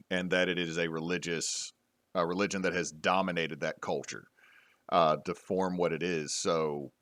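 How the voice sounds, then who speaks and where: A man's voice: deep voice, fairly bright tone, no echo, clean studio sound. A man hosting a casual panel discussion about tabletop gaming, talking loosely with many restarts. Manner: rambling, frequent restarts and fillers. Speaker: podcast host and game master.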